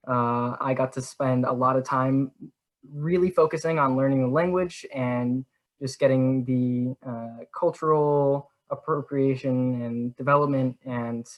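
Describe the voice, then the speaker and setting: A young man, a student ambassador, talking about his experiences in an upbeat, rambling way with many filler pauses. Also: medium pitch, poor audio. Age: young adult. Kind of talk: informal self-introduction.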